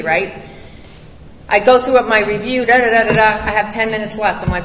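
A woman's voice: medium pitch, steady tone, fast talker, a bit bright, a little hiss or hum. A middle-aged woman giving a candid, emphatic recovery testimony to a crowd, recorded in a large hall. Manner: candid, emphatic, blunt storytelling. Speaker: recovery speaker. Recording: echoey hall, distant mic.

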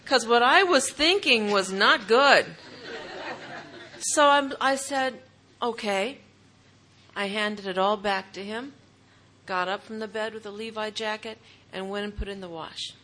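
A woman's voice: medium pitch, measured pace, pauses often, bright, forceful tone, a faint crowd, slight background noise. A woman speaking at a recovery meeting, telling her own story earnestly and repeating phrases for emphasis. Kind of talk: personal testimony talk.

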